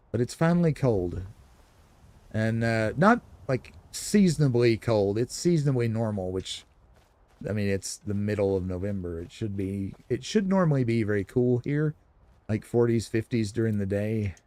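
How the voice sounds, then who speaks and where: A man's voice: fairly low pitch, lively intonation, moderate pace, warm tone. A man giving casual, rambling commentary while streaming a video game. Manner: chatty, rambling, explanatory. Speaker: gaming streamer.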